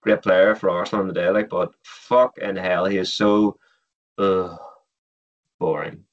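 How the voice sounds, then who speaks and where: A man with a fairly low voice sits well back from a dull, muffled mic. He rants bluntly about football pundits, swearing freely in casual podcast chat. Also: steady tone, unhurried, distant mic. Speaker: podcast co-host.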